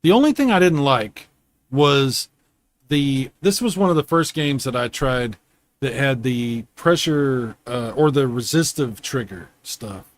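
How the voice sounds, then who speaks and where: A man hosting a casual video game chat from home, rambling and quick to laugh. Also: mid-range voice, lively intonation. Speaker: host.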